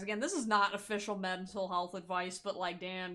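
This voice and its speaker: A woman's voice: mid-range voice, little pitch movement, brisk, hardly any pauses, pushed and bright. A young woman giving a casual tarot reading, blunt and profane, laughing often and acting out little quotes. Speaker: tarot card reader.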